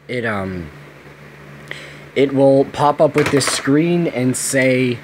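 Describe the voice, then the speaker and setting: A young man making a casual gaming vlog, swearing freely, his voice worn hoarse from screaming with joy. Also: mid-range voice, expressive, drawn-out words, background noise. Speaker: gaming video maker. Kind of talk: excited casual vlog rant.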